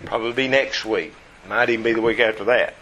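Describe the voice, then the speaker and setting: Bright-voiced man teaching a Bible class. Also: lowish voice, steady tone, fast talker, a little hiss or hum, rough recording. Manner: emphatic, repeats points, asks rhetorical questions. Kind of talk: Bible study lecture.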